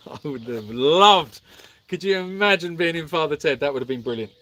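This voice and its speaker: A playful middle-aged man hosting a live stream, his voice bouncing up and down with lively animation. He teases his co-host and hams it up with mock accents, sitting a touch higher in pitch than most men. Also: moderate pace. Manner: jokey, teasing, slips into mock accents.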